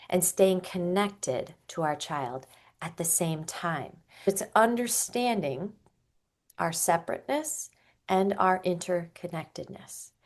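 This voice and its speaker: Low-voiced woman coaching parents gently. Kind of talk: solo podcast talk.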